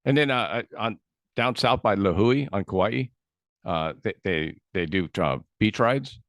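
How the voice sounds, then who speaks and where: A man's voice: lowish voice, lively intonation, unhurried, a bit bright, no echo, studio quality. A middle-aged man hosting a podcast interview, joking and rambling with frequent restarts. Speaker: podcast host. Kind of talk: casual interview chat.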